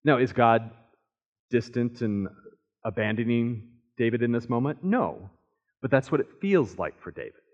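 A man's voice: mid-range voice, expressive, normal speed, pauses often, a little mellow. A man teaching from the Bible in a sermon style, earnest and emphatic, voicing the psalmist's pleas in first person. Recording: muffled lo-fi recording.

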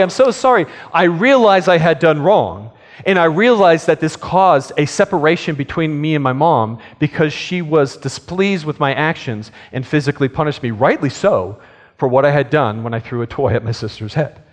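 A man preaching a sermon, telling a childhood story in an earnest way and acting out pleading lines. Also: on the high side. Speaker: pastor. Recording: long hall reverb.

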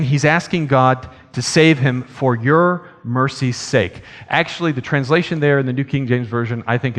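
A man's voice: mid-range voice, fairly bright tone. A man preaching a sermon, telling a childhood story in an earnest way and acting out pleading lines. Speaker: pastor. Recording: long hall reverb.

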